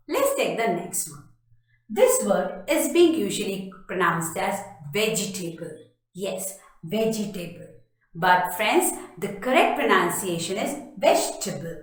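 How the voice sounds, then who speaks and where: A woman gives a pronunciation lesson at an unhurried pace. She repeats each word with emphasis and spells it out letter by letter, her pitch rising and falling a lot. The recording is full of room echo. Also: a bit bright. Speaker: English pronunciation teacher. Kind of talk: slow spoken pronunciation lesson. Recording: very echoey room.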